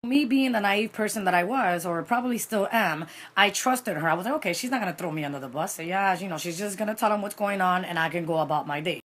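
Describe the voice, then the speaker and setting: A woman telling a personal story in a casual vlog, animated and dramatic, with Spanish phrases mixed in. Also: mid-range voice, brisk, hardly any pauses.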